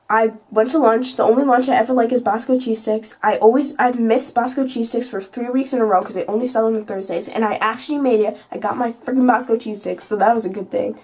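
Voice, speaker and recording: A woman's voice: on the high side, fairly even intonation, a little fast, a little mellow, breathy edge. Chatty teenage girl vlogger. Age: teens. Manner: chatty, full of "like" and "you know", mimics classmates in quotes. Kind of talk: casual storytime chat.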